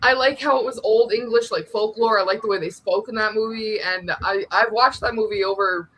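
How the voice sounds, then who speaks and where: A woman co-hosting a podcast, chatting casually and filling her talk with loose asides. Her voice is bright and fairly high. A faint hiss sits in the background. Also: fairly quick, low-quality recording. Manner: chatty, lots of "like" fillers. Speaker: podcast co-host. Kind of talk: casual chat.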